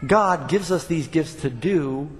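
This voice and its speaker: A man's voice: a little high, takes it slowly, big-room sound. An older man preaching a sermon, talking casually to the congregation and building up emphatic points. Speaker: pastor.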